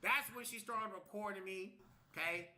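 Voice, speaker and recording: A man tells a long story to his livestream audience in a loose, casual way. His voice sits high and sounds very bright and sharp. He swears freely, plays out what each person said, and keeps checking in with "okay?". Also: animated, normal speed. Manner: tags lines with "okay?", swears, acts out quotes.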